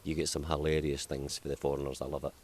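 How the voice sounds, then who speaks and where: Deep-voiced Scottish man, chatty and laughing. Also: level tone, fast talker, a little mellow, a little hiss or hum. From Scotland. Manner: chatty, laughs often, self-deprecating. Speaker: comedian guest. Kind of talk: casual interview chat. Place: outdoors in hot sunshine.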